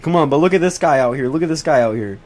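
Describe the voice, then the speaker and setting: A teenage boy talks to his chat while tracking storms, begging them over and over to stay and swearing as he goes. His voice sits a little high for a guy, and he jumps into excitable bursts whenever something shows up on radar. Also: fast talker. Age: teens. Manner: pleading, whiny, repeats himself over and over. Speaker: livestream host tracking storms. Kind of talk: casual livestream commentary to chat.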